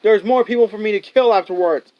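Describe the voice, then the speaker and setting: A man's voice: high voice, fairly quick, highs cut off, lightly acted. A man voicing a gloating killer crocodile. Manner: plain retelling voice, barely changed. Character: vengeful female crocodile, murderous and gloating.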